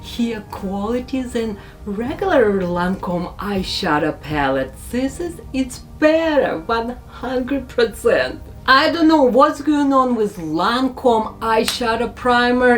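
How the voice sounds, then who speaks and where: A woman narrating a makeup tutorial as a beauty vlogger, speaking slow, careful English with non-native phrasing. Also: on the high side, animated, soft background music.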